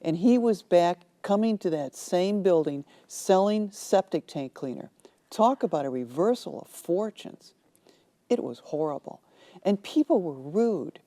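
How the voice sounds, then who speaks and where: A woman author telling lively anecdotes in a TV studio interview, acting out the people in them. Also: on the low side, unhurried. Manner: animated storyteller, acts out quoted voices. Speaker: author guest.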